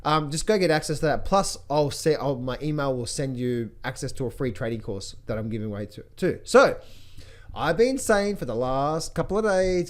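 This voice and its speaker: Excitable male trading host, lively pitch, slightly high, repetitive and playful. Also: moderate pace. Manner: excitable, repeats phrases, jokey chipmunk impressions. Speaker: trading educator giving a market update. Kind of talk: animated casual market commentary.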